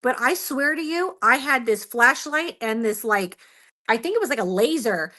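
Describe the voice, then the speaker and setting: This is a woman guest on a radio show, recounting a story with lively, expressive energy. Her voice is fairly high and very bright, and she laughs often as she talks. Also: normal speed. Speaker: Bigfoot researcher guest.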